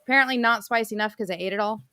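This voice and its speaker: A woman co-hosting a casual podcast, chatty and quick to laugh, acting out what people said. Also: on the high side, bright, forceful tone. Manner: giggly, chatty, acts out quotes. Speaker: co-host. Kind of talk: casual chat.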